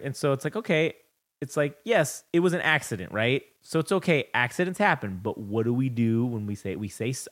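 A man's voice: medium pitch, animated, a little fast, a bit bright. A young man co-hosting a podcast, telling a rambling, profane story about raising his daughter in casual chat. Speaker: podcast co-host.

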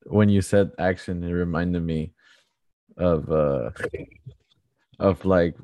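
A young man with a deep voice, chatting casually. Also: dark tone, dry recording. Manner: laughs often, quick retelling of scenes. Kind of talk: casual movie chat.

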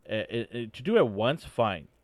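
A man's voice: mid-range voice, big pitch swings, normal speed, no echo. A man in a casual fan discussion, opinionated and rambling as he builds his points.

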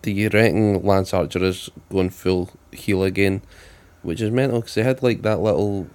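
A man co-hosting a casual wrestling chat, asking questions and getting excited. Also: sits low, normal speed, clean tone. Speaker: podcast co-host.

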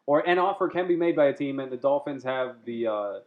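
A man's voice: mid-range voice, brisk. A young adult man co-hosting a casual sports chat, blunt, profane and wisecracking. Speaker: podcast co-host. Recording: dull, muffled lo-fi audio.

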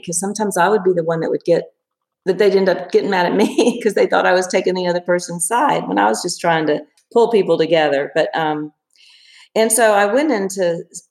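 A woman in her fifties, a therapist, talking thoughtfully in an interview with many pauses and restarts. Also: lowish voice, darkish tone, roomy sound. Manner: reflective, hesitant with many restarts and fillers. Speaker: therapist guest. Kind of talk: casual interview.

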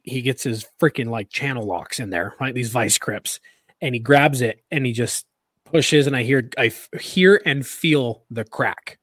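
A man co-hosting a casual podcast, spinning a story with lively energy and stumbling restarts. His voice sits at an ordinary middle pitch. It sounds close and dry, with no room around it. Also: dry recording. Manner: animated, rambling storyteller with many restarts and laughs. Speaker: podcast co-host.

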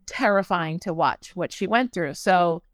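An older American woman with a fairly low voice tells her own story, stopping and restarting often and acting out what people said. The sound is dry and close, with almost no room echo. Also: expressive. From United States. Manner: halting, with many restarts and acted-out quotes. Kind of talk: personal storytelling.

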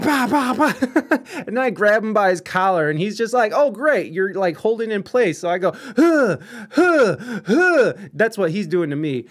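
A young man in casual chat, telling a story with lots of swearing, restarts and self-deprecating humor. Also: a little high.

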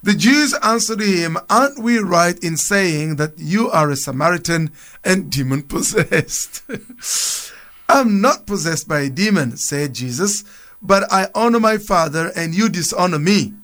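On a radio program, a church speaker reads from the Bible and then talks through the passages informally, with restarts and chuckles. He has a high, expressive voice, a measured pace and a fairly bright tone.

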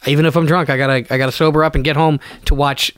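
A man's voice: a little high, little pitch movement, rapid-fire, fairly bright tone, a little hiss or hum. A man co-hosting a casual comedy podcast, playful and argumentative, swearing freely. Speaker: podcast co-host.

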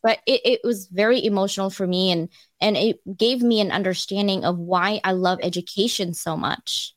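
A middle-aged woman tells her own story at an online audio event, candid and animated, her voice often pitched between laughter and tears. Her pitch sits in a middle range. The sound is dry and close, with no room around it. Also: normal speed, no room sound. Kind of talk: emotional personal storytelling.

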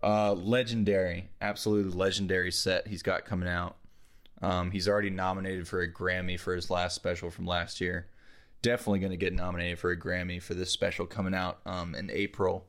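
Brief young male podcast co-host, low voice, relaxed, swears a lot. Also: brisk. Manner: laid-back, swears a lot, laughs often. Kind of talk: casual chat.

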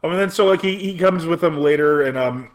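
A man in casual chat, recapping a story quickly with fillers and laughs. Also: a little high. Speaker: podcast co-host.

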